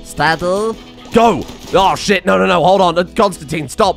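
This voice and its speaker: A young man giving excitable, sarcastic let's-play commentary and laughing often. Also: sits high, normal speed, gravelly, faint music behind. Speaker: gaming channel host.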